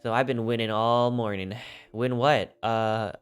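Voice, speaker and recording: A sleepy, slightly sniffly man chats in a loose, rambling and goofy way while streaming a game. His voice sits at an ordinary middle pitch. Clear background music plays behind him throughout. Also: steady tone, measured pace. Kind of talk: casual live-stream chat.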